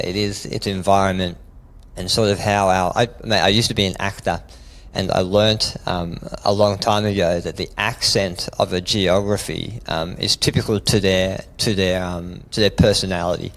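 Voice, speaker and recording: A laid-back Australian man with a notably deep, low voice. He chats easily as an interview guest, dropping "mate" into his answers. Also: normal speed, low-quality recording. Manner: relaxed, easygoing, says "mate" often. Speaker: guest, fitness expert. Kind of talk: casual interview chat.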